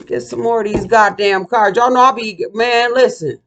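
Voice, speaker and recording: A woman's voice: on the high side, moderate pace. A woman vlogger ranting in a casual monologue, blunt, profane and combative.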